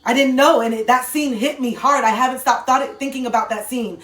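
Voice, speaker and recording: A woman's voice: high voice, a little fast, fairly bright tone, recorded from a distance, a little hiss or hum. A woman giving an impassioned livestream monologue into her phone, emphatic and swearing, repeating lines for effect. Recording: echoey room, voice set back from the phone.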